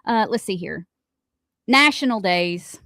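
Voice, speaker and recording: A woman's voice: mid-range voice, expressive, slow pace, sharp tone, no room sound. Lady on morning radio, laughs a lot, chatty, dry studio sound. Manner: giggly, playful, chatty. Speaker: radio morning show co-host. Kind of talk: casual radio banter.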